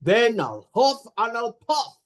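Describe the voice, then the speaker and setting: A woman's voice: a little high, sing-song, voice pushed up. A woman doing an evil storybook wolf. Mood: menacing. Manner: drawn-out, dramatic storybook delivery. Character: big bad wolf from a fairy tale, male, evil and menacing. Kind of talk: storytelling demonstration.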